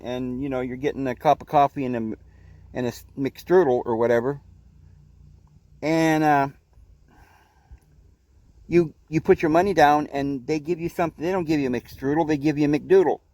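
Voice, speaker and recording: A man hosting a podcast, giving an earnest, preachy spiritual talk, often halting and repeating words. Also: on the high side, darkish tone, no echo. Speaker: podcast host. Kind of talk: spiritual teaching monologue.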